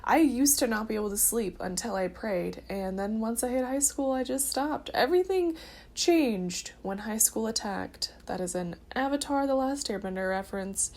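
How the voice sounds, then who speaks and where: A woman's voice: fairly high pitch, animated, normal speed, darkish tone. A woman in her early twenties telling her personal story in a casual, earnest way, with frequent filler words. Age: early 20s. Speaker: vlogger sharing her testimony.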